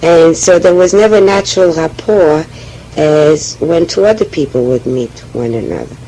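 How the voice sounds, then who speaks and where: A woman with a French accent, speaking haltingly and often restarting as she tells her personal oral history. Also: deep voice, warm tone, slight background noise, poor audio. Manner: hesitant, halting, with frequent restarts. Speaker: memoir speaker.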